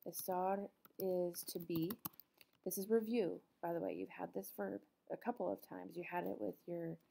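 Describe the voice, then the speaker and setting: A middle-aged woman teaching a recorded Spanish lesson, explaining patiently with frequent pauses and ums. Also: fairly low pitch, fairly even intonation, gravelly, mellow, slightly rough.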